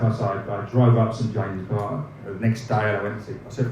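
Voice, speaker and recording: A low-voiced man in his fifties tells old dressing-room stories at a live evening event, laughing through them and swearing freely. He trips over his own sentences as he goes. The sound is very roomy and echoing, with the mic some way off and a faint hum of ambience behind him. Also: little pitch movement, normal speed, darkish tone, far from the mic, lo-fi sound. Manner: laughing often, swearing, rambling restarts. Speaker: former footballer guest. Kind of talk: live storytelling anecdotes.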